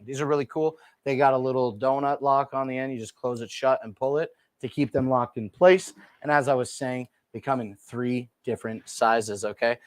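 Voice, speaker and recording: A man's voice: medium pitch, no echo. A man hosting a casual shopping livestream, chatty and full of fillers, calling the audience dude and bro from his desk. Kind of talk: casual product showcase livestream. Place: small room at a desk. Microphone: desk microphone.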